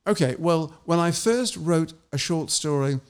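A man, an author, reading his short story and then telling measured anecdotes in an interview. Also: a little high, expressive, smooth. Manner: measured and anecdotal, with small restarts.

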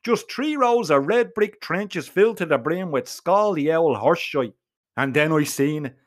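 A man's voice: on the high side, measured pace. A man telling a comic first-person story, full of swearing and slang. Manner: profane, slangy, animated.

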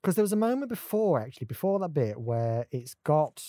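A man's voice: a little high, very animated, a little fast, mellow, no echo, studio quality. A man co-hosting a casual podcast chat, ranting with energy and putting on voices to mock what he quotes. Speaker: podcast co-host.

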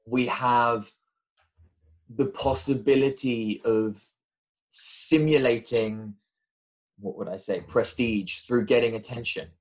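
A man hosting a podcast, reflecting in a measured way and pausing to find his words. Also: mid-range voice, fairly even intonation, rough recording. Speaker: podcast host. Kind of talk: casual intellectual conversation.

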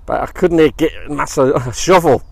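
A man putting on a to voice a big, muscular laborer who answers loudly and defensively in a joke. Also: on the high side, a little slow, creaky, husky, no room sound, heavily acted. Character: gruff Scottish male laborer, big and muscular.

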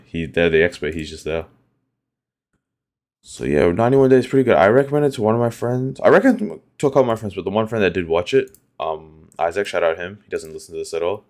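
A young man with a notably deep voice talks on his own podcast. His delivery is casual and rambling, full of fillers and restarts as he thinks aloud. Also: darkish tone. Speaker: podcast host. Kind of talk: casual solo podcast chat.

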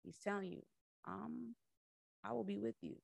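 A woman's voice: mid-range voice, moderate pace, creaky, a little mellow, dry recording. A woman podcast host and coach giving a casual Bible teaching talk, conversational and laughing often as she acts out voices in her retelling.

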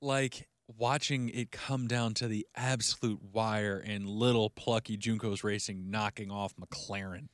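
A man's voice: on the low side, fairly even intonation, measured pace, hardly any pauses, dry recording, clean studio sound. A man co-hosting a casual podcast chat, speaking with enthusiasm and emphasis. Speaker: podcast co-host.

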